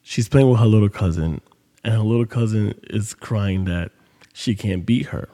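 Low dark-voiced dude, casual cursing storytime, reverb-y room. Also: male voice, normal speed. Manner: loose, profane, street-casual talk. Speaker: podcast host.

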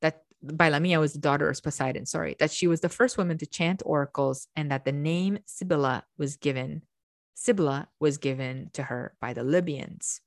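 A woman's voice: low-pitched, normal speed, no echo, clean studio sound. A woman hosting a chatty lecture, ranting at times and often restarting her words. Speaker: host. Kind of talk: casual lecture.

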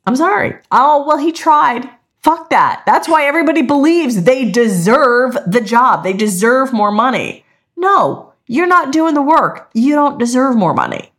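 Middle-aged woman podcast host, blunt and profane, high voice with a wide, animated range. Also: normal speed. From Italian-American. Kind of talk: casual podcast chat.

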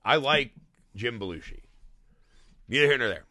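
Lively bright-voiced man riffing profanely. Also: medium pitch, normal speed, no room sound, clean studio sound. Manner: profane, riffing, does mocking quoted voices. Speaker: podcast co-host. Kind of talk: casual comedic movie discussion.

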